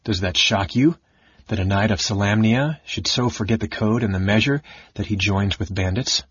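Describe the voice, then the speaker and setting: A man's voice: on the low side, moderate pace, a bit bright, husky, no room sound. A man reading the part of a grieving young nobleman and knight who turned bandit, speaking bitterly and grimly. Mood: cold. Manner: bitter and grim. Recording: dull lo-fi recording.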